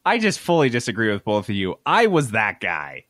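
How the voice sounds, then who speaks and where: A man's voice: lowish voice, wildly swooping pitch, normal speed, a bit bright, no echo, clean studio sound. A man co-hosting a casual gaming podcast, playful and teasing. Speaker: podcast co-host.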